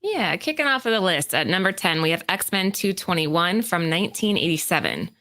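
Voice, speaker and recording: A woman co-hosting a comic book podcast, reading prepared market rundowns in a steady, informative way and chatting casually. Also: lowish voice, normal speed. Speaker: podcast co-host.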